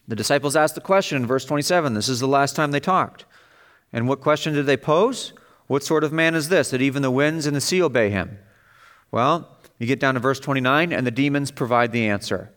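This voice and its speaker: A man preaching an expository sermon in an emphatic way, his voice rising as he stresses vivid passages. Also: a bit bright. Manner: emphatic, rises in pitch and volume on vivid passages.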